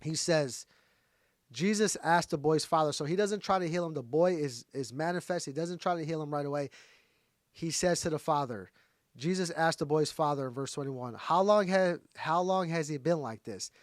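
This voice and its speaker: Man teaching the Bible, high voice. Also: normal speed, no room sound, studio quality. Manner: conversational, talks straight to viewers. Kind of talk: casual sermon-style Bible teaching.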